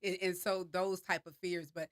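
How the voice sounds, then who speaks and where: Female host, lowish voice, animated storyteller in casual chat, dry recording. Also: moderate pace, dry recording. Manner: animated, storytelling with fillers and laughter. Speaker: discussion host. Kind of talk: casual group discussion.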